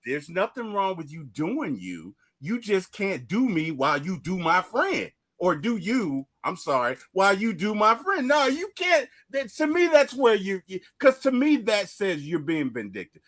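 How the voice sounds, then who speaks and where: A man co-hosts a casual film debate in a high voice. His pitch swings widely as he argues, laughs and exclaims. He acts out lines from the movie as he makes his points. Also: big pitch swings, a little slow, hardly any pauses, fairly bright tone. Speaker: co-host.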